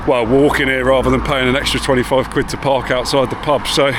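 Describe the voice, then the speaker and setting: Here a man with a medium-pitched voice talks a little fast, his intonation fairly even. It's a casual walking vlog, loose and meandering with the odd curse, recorded outdoors on town streets and in a car with street sounds in the background.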